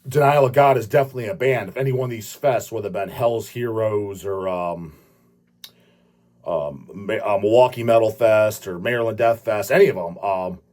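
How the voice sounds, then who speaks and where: A man's voice: fairly low pitch, moderate pace, darkish tone. A man hosting his own channel, ranting casually in a rambling, profane way and laughing often. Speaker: channel host.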